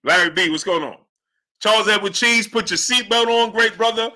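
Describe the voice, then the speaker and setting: On his live boxing talk stream, a high-pitched man speaks at normal speed, reading the chat and giving commentary. He's animated, calling out chatters' names and pumping up the audience.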